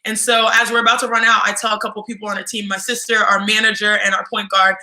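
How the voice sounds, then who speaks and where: Woman, 20s, podcast guest. Lively storyteller who mimics others' voices; very bright tone, roomy sound. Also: medium pitch, quick pace. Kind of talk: casual storytelling.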